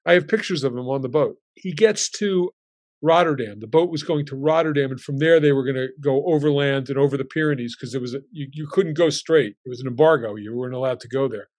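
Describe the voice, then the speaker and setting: A man's voice: mid-range voice, quick pace, darkish tone. A man in his sixties, a guest telling family stories in a casual way and acting out his relatives' lines as he goes.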